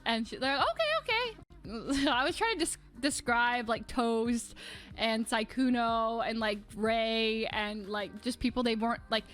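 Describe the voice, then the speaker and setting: A young woman with a high, light voice chats casually on her livestream, rambling through a story with lots of "like." Faint music plays softly behind her. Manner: rambling storytelling full of "like", with laughter. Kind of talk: casual chat.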